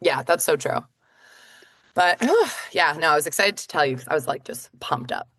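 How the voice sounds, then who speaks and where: A woman co-hosting a podcast, telling stories in casual chat with quick asides and lots of fillers. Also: sits low, sing-song, a bit bright, breathy edge, no room sound, clean studio sound. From northeastern United States. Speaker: podcast co-host.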